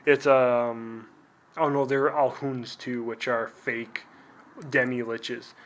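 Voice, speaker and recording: A young man hosting a casual unboxing video in a middle-pitched, everyday voice. He rambles, fills gaps with "like", and makes fun of himself as he goes. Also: level tone, slow pace, a bit bright. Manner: rambling and self-deprecating, full of "like" and trailing asides. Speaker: video host.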